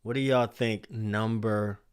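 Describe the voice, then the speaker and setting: A man in his forties hosting a casual livestream, reading chat names aloud in an animated way. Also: on the low side, slow pace, clean tone. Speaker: livestream host.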